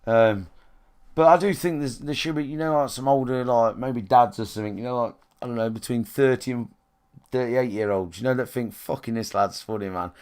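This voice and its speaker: Blunt, sweary streamer. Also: male voice, mid-range voice, fairly quick, darkish tone, smooth. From England. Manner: blunt and sweary, rambling with restarts and fillers. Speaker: game streamer. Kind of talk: casual rambling chat to a live stream. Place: his own room, alone.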